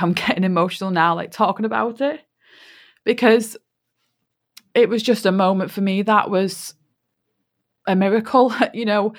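Woman podcast host, lowish pitch, heartfelt storytelling monologue. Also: a bit bright. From England. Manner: heartfelt, many "you know" fillers.

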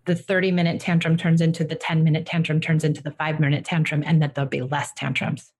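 Middle-aged female parenting coach, low register, practical and reassuring. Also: flat delivery, fast. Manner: warm reassuring coaching, acts out gentle phrases to a child. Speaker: parenting coach and podcast host. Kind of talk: casual advice chat.

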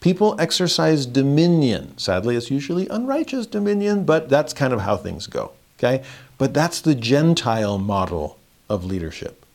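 A man teaching a verse-by-verse scripture lesson in a conversational way, chuckling often and rising in pitch for emphasis. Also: big pitch swings, moderate pace, a little mellow.

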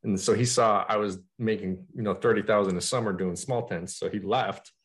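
A man in a casual podcast chat, telling in a relaxed, reflective way how he started his tent business. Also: lowish voice, brisk. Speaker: tent rental business owner.

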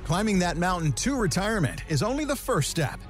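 A man's voice: high-pitched, very animated, a little fast. A man giving a polished, scripted announcer intro for a podcast. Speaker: show announcer. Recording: voice over intro music.

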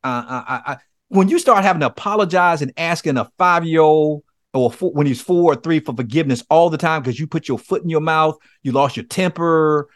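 A man's voice: a little high, fairly quick, no room sound, studio quality. A man speaking as a guest, earnestly telling a personal story and acting out his own pleas. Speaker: podcast guest, men's coach. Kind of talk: conversational testimony.

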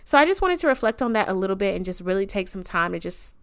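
A woman hosts a podcast, speaking casually and with deep feeling. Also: very animated, fast, a bit bright, clear, resonant tone. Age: 20s. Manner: chatty, slangy, emotional and reverent. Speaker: podcast host. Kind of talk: casual devotional podcast monologue.

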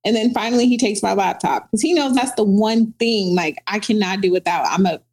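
A woman in her thirties telling a story casually as a podcast guest, animated and profane, filling her talk with "like". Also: medium pitch, brisk. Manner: animated, profane, heavy use of "like".

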